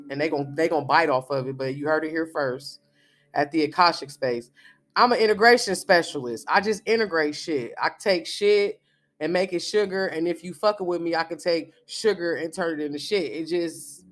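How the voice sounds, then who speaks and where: A man's voice: a little high, fairly bright tone. A man in his thirties, a spiritual reader, giving a blunt, profane, emphatic monologue. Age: 30s.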